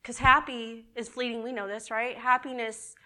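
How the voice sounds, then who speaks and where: Bright, animated woman preaching. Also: fairly high pitch, normal speed. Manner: animated and emotional, repeats key words. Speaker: women's ministry speaker. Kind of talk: sermon.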